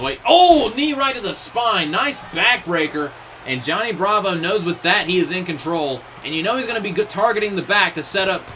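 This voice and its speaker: A man doing excitable wrestling play-by-play commentary, exclaiming at each move and dropping joking asides. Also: on the high side, a little hiss or hum.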